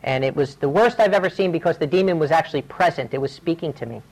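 A man's voice: on the high side, fast talker, creaky, poor audio. A male preacher giving a sermon, telling his own stories in an earnest, urgent way.

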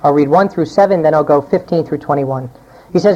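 A woman preacher delivering a sermon and reading scripture aloud, acting out quoted voices with big swings in pitch. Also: brisk, dark tone. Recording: dull lo-fi recording.

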